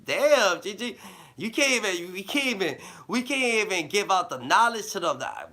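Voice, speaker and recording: A man giving rambling motivational advice in loose slang, with a habitual "da, da, da" filler, dropping low and then bursting louder. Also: expressive, moderate pace. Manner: loose slang-heavy talk with a repeated "da, da, da" filler; swings between low mumbling and loud bursts. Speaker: vlogger giving life advice.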